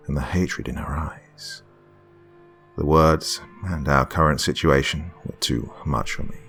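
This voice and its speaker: A man with a very deep, low voice reads a scripted horror story in the first person. His delivery is measured and tense, sometimes sinking to a hush. Faint background music sits under him. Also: creaky.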